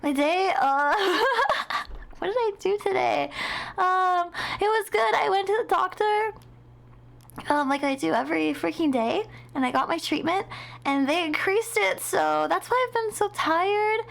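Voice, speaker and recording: Sleepy, very high-pitched young woman streamer. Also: expressive, normal speed, gravelly. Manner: sleepy, rambling, dramatic mock-complaining. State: tired and sleepy. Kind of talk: casual live-stream chat.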